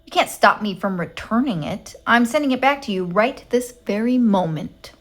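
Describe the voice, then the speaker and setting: A woman's voice: a little high, animated, moderate pace. A woman voicing a stern, practical, no-nonsense woman who speaks curtly and emphatically. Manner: curt, emphatic and scolding.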